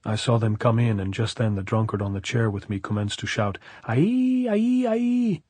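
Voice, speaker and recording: A man with a low, husky voice narrates a novel at an even, measured pace. The recording is dry and close, with no room sound. His delivery stays steady, like audiobook storytelling. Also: dry recording. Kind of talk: reading a novel aloud.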